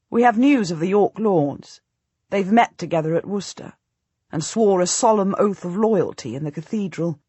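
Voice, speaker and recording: A woman narrating a historical audiobook in the first person, measured and storytelling. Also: medium pitch, husky, dry recording.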